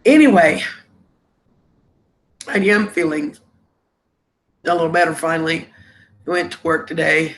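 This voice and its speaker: A woman's voice: low-pitched, a little slow, pauses often. Congested woman chatting on a livestream. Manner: chatty, greets viewers with endearments. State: congested and sniffly with a cough. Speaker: live stream host. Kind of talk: casual live stream chat. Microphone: laptop microphone.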